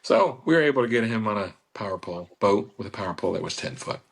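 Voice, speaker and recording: Husky, low-voiced man, casual radio sales chat, rambling and folksy. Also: very animated, fast. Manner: chatty, salesy, repeats phone number. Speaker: boat club staff on radio. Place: radio studio.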